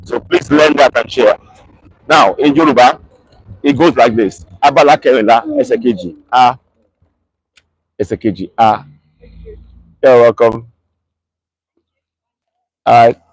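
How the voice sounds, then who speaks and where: A man hosting a live broadcast, earnest and repeating key points slowly for emphasis. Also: mid-range voice, slightly rough, no room sound, low-quality recording. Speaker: livestream host.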